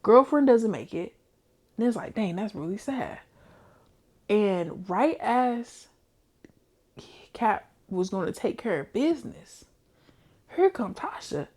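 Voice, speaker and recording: Young woman, casual book-chat vlogger, lively slangy storyteller. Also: mid-range voice, slow pace, pauses often, husky. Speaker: book reviewer.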